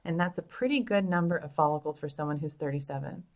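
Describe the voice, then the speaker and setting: A woman's voice: low-pitched, fast talker, darkish tone. A woman fertility doctor hosting a casual live question-and-answer show, talking in a chatty, upbeat and frank way into a phone, now and then laughing at herself.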